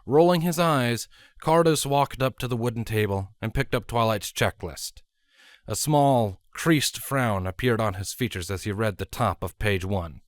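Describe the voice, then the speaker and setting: Expressive male story narrator. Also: mid-range voice, a little slow, no room sound, studio quality. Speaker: fanfiction reader. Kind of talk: audiobook narration.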